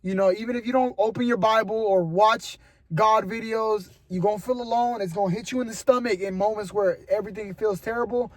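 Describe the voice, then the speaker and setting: A man's voice: high-pitched, steady tone, fairly quick, dry recording. A young man vlogging casually to the camera, earnest and rambling, giving motivational talk and calling his viewers "bro". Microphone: camera mic.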